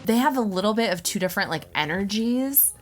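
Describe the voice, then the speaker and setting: A woman's voice: medium pitch, lively intonation, brisk, faint music behind. A woman co-hosting a casual reaction chat, candid and opinionated with easy laughter. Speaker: co-host of a reality show reaction channel.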